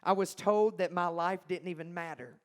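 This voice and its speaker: A young man shares his testimony with a congregation, dramatic and emphatic. His voice sits a little high for a man and swings between loud bursts and near-whispers. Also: moderate pace, smooth. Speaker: Christian singer-songwriter giving his testimony. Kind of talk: personal testimony storytelling.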